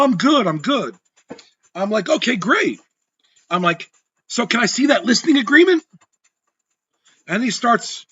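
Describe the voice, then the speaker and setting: A man's voice: fairly high pitch, bright, forceful tone, slightly rough, dull audio. A man hosting a real estate podcast, telling a story as a monologue and acting out both sides of a heated argument.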